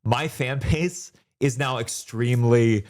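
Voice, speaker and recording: Animated man talking comedy. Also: medium pitch, slow pace. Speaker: guest comedian. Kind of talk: casual conversation.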